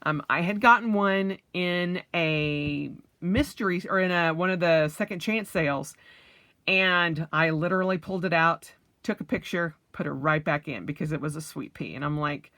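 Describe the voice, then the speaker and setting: A woman's voice: fairly low pitch, normal speed, fairly bright tone, no echo. A woman vlogger chatting casually and enthusiastically through an unboxing, with plenty of fillers.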